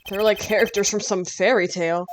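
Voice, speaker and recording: A woman's voice: mid-range voice, steady tone, fairly quick, slight background noise. A young woman hosting a game stream, reacting with laughs and swearing in casual commentary. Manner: giggly, swears, reacts loudly. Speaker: streamer host. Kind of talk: casual let's-play commentary.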